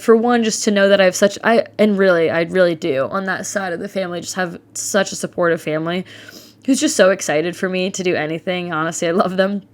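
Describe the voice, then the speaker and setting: A woman in her twenties hosting a casual solo podcast, talking candidly and animatedly, swearing freely and mimicking the people she quotes. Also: medium pitch. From Ohio. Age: 20s. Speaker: podcast host.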